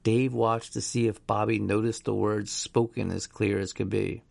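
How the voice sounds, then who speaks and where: A man narrating a story in a slow, even storytelling manner. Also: on the low side, gravelly, dry recording. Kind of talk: audiobook narration.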